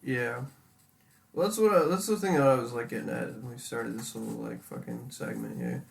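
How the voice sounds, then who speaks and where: Young male co-host, gravelly voice, heated profane rants, faint background hiss. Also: mid-range voice, animated, fairly quick. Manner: heated, profane ranting with many fillers. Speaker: podcast co-host. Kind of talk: casual chat.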